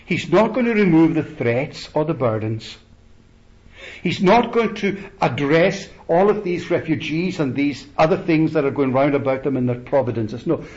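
A man preaching a sermon slowly and deliberately, rising to emphatic peaks and letting phrases trail off softly. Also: a little high, expressive, lo-fi sound.

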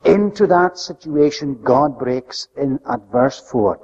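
A man preaching a sermon with an emphatic delivery that swings between loud, high stresses and soft, low drops. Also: lively intonation, slow, gravelly, few pauses, slightly rough. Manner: emphatic, rising and falling delivery. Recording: lo-fi recording with long hall reverb.

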